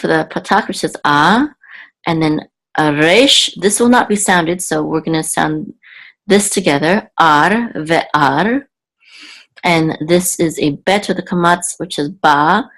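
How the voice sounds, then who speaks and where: A woman with a low voice who talks slowly and patiently, explaining each word as she goes. She pauses often, stops to think aloud and corrects herself mid-sentence. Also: rough recording. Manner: halting, thinks aloud, frequent ums and self-corrections. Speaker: Hebrew teacher. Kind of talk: slow, patient word-by-word teaching.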